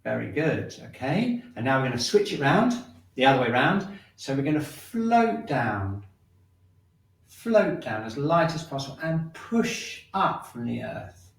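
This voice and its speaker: A man teaching a shiatsu and qigong class, calmly cueing breathing and movement and checking in with "okay?" as he goes. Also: mid-range voice, measured pace. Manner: calm, repetitive cueing with frequent "okay?" check-ins. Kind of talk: guided breathing exercise class. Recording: roomy sound, mic at a distance.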